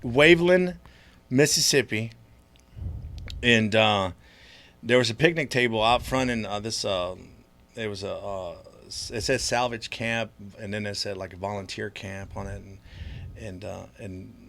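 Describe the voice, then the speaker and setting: A man from Florida, a podcast guest telling animated stories in casual chat and acting out the voices of people he met. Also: fairly low pitch, measured pace, creaky. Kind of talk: casual storytelling.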